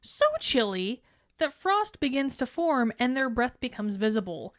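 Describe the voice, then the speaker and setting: A woman's voice: fairly high pitch, sing-song, unhurried, dry recording, studio quality. A woman co-hosting a podcast in casual, profane, laughing chat. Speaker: podcast co-host.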